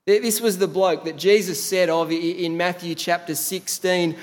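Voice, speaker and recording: A man's voice: a little high, steady tone, measured pace. A man preaching a sermon as a pastor, telling the story in a conversational way. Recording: long hall reverb.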